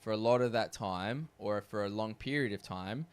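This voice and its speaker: A man's voice: on the low side, normal speed, smooth. A man co-hosting a podcast, talking in casual chat and arguing his point emphatically, with some swearing. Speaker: podcast co-host.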